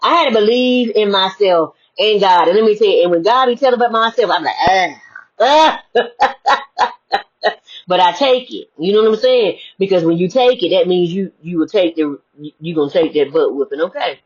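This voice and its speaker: Husky-voiced woman preaching, lots of rhetorical questions. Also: mid-range voice, brisk, few pauses. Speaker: motivational speaker. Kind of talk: spiritual sermon-style talk. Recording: dull lo-fi recording.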